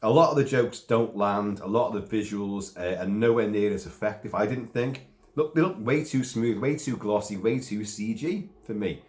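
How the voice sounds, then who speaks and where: A man's voice: on the low side, normal speed, reverberant. A man, sick and coughing, giving a rambling casual film review with asides and mild swearing.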